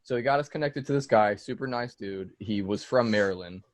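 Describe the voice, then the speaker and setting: A man's voice: on the low side, fairly quick, no echo. A man being interviewed as a music producer, telling stories loosely in casual podcast chat, with plenty of "like" and "dude" and free swearing. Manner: loose storytelling, swears freely, fillers like "like" and "dude".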